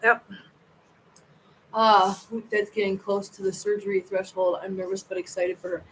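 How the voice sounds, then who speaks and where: A woman's voice: mid-range voice, level tone, normal speed, distant mic, slight background noise, low-quality recording. A woman hosting a casual livestream from home, chatting with viewers in a rambling way and stumbling over her words. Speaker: cat channel host.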